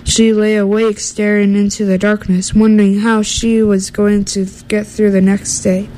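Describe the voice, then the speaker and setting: A woman reading a children's storybook aloud in a steady, gentle way, with small slips and restarts. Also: medium pitch, normal speed, background noise.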